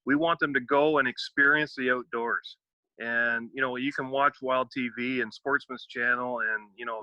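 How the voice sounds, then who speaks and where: Earnest man with a bright, dull-toned sound. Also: medium pitch, no room sound. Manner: earnest, halting, many fillers. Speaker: guest, outdoor mentor. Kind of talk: casual podcast chat.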